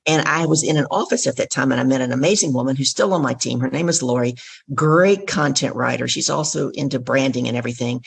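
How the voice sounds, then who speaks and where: A middle-aged woman tells her story with a lot of vocal fry, and her voice sounds rough and husky. She speaks as an interview guest and acts out each exchange as she goes. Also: rumbling low, quick pace. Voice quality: gravelly, husky voice. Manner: vivid storyteller who acts out dialogue.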